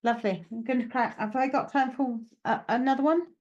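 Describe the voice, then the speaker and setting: Chatty lady medium doing live readings, keeps saying okay and right, laughs at herself, kinda high voice. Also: fairly even intonation, fairly quick, highs cut off. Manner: chatty, reassuring, full of "okay" and "right" fillers; self-mocking, laughs at herself. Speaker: psychic medium.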